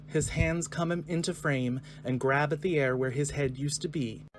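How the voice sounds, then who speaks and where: A man narrating the stage directions of a screenplay reading in a clear, measured way. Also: on the high side, steady tone, loud music behind the voice.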